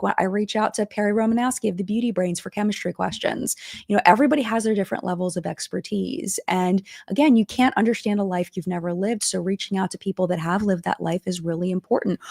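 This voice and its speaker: A woman's voice: mid-range voice, creaky, darkish tone, dry recording, studio quality. A middle-aged woman hosting a live-stream chat, talking casually and emotionally, with many fillers and restarts. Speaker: live-stream commentary host.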